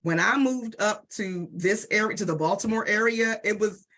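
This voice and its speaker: A middle-aged woman from the DC area, speaking on a panel and telling lively stories that act out the exchanges she describes. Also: medium pitch, moderate pace. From Southeast DC and Prince George's County, Maryland. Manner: animated storytelling, acts out quoted exchanges. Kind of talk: panel discussion.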